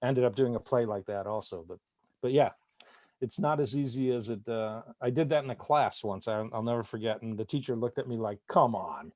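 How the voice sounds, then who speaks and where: Middle-aged male actor from Italy, lively anecdotal interview guest, recorded dry and close. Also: mid-range voice, fairly quick, no echo. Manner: animated anecdotes with frequent laughs. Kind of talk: casual interview storytelling.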